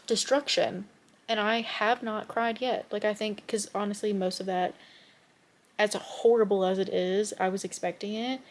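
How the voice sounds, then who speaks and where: A young woman in her twenties chatting casually and expressively in a reading vlog, often ranting with strong feeling. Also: medium pitch. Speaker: book vlogger.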